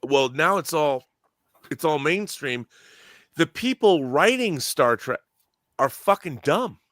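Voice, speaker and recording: A man's voice: on the high side, lively intonation, takes it slowly, fairly bright tone, dry recording, studio quality. A man in casual podcast chat, emphatic and opinionated, swearing freely and restarting his sentences as he rants. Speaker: podcast co-host.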